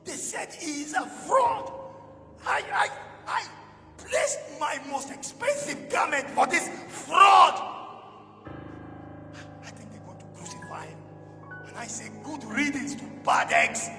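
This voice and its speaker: A man's voice: extremely high pitch, huge pitch swings, slow pace, pauses often, sharp tone, full character voice. A man playing a sneering, scornful bystander. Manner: mocking, scornful. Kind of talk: amateur church stage drama. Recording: echoey hall with music behind.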